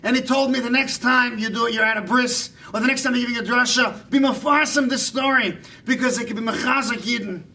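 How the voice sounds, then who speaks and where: A man acts out a preachy older rabbi spinning moral tales in a sermon-like, drawn-out way. The voice sits very high and sounds bright and forceful. The mic is set well back from him at a live stage. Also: distant mic, heavily acted. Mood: preachy storytelling. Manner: sermon-like, drawn-out emphatic delivery. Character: earnest older male rabbi storyteller, preachy. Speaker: jester performing an impression. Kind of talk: comic impression of a storytelling rabbi.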